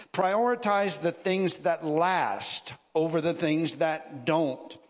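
Slow, emphatic male preacher in a hall. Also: a little high. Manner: emphatic preaching with repetition and rising stresses. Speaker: pastor. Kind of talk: sermon. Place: church sanctuary. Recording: long reverb of a large hall.

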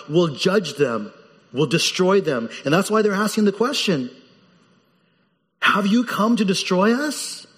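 Animated male preacher in a reverberant hall. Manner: animated preaching with sudden pitch jumps for quoted voices. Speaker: pastor. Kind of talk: sermon.

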